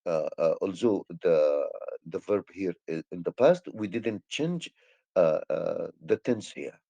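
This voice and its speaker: A man's voice: low-pitched, animated, takes it slowly, vocal fry, mellow, dry recording, muffled recording. A male English teacher with an Egyptian accent, a native Arabic speaker, explaining grammar hesitantly with many fillers and restarts.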